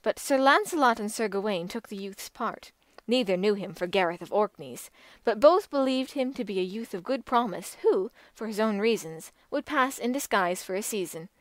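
A woman narrating an old legend as an audiobook, in a measured and expressive manner. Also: medium pitch, no room sound. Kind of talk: scripted storytelling narration.

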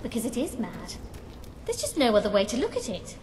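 A prim game heroine. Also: female voice, on the high side, huge pitch swings, fairly quick, a little mellow. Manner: fussy, complaining. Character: prim young woman companion, disgusted by filth. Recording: echoey, distant game audio with noise.

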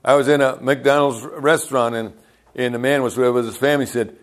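A man's voice: medium pitch, fairly even intonation, brisk. Older folksy preacher man. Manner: folksy storytelling preacher, calls out to the congregation. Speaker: pastor. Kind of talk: sermon.

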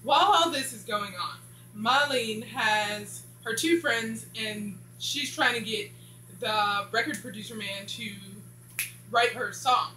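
A woman's voice: on the high side, takes it slowly, sharp tone, soft background music. A woman casually recapping a TV series, rambling and filling gaps with "blah blah.". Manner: rambling, says "blah blah" a lot. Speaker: show reviewer. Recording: echoey room with faint hum.

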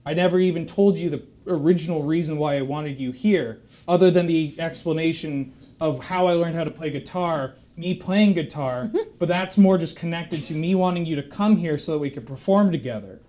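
A man's voice: on the high side, moderate pace, mellow, close to an everyday voice. A man doing an earnest guitar-playing horse.

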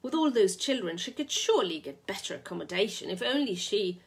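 A woman reading aloud, voicing a calm, mild-mannered English husband who speaks dryly. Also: mid-range voice, brisk, husky.

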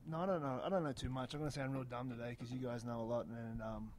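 A man's voice: mid-range voice, fairly even intonation, quick pace, darkish tone, a little hiss or hum. A man, a podcast guest in casual chat, modest and self-deprecating. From Australia.

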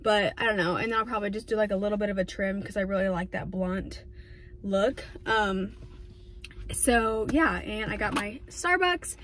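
A young woman vlogging casually, talking fast and filling with "like" and "um", filmed on a phone in her car and later on a tripod at home. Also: medium pitch, a bit bright, a little hiss or hum. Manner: fast, chatty, lots of "like" and "um". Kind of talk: casual vlog chat. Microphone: phone camera, then on a tripod.

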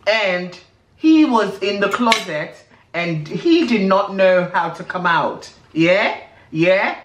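A man's voice: high-pitched, unhurried, noisy background. A man putting on a chatty British gossip. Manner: tags nearly every sentence with "yeah?". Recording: roomy echo.

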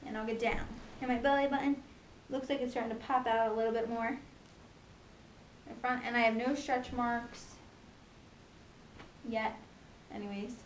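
A young woman in a casual home vlog, talking fast and chattily about her pregnancy, with lots of ums and likes. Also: fairly high pitch, fairly even intonation, slight background noise. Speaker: pregnancy vlogger. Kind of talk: casual chat.

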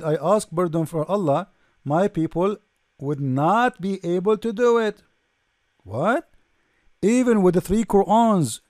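High-voiced sarcastic man lecturing. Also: darkish tone, dry recording, studio quality. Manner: sarcastic, mocking, rhetorical questions; non-native English grammar. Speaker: religious debate speaker. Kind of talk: lecture-style commentary.

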